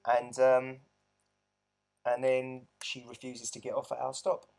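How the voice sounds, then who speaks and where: A man talking earnestly about his own experience in a reflective storytelling monologue, often restarting his sentences. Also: medium pitch. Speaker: abuse survivor vlogger.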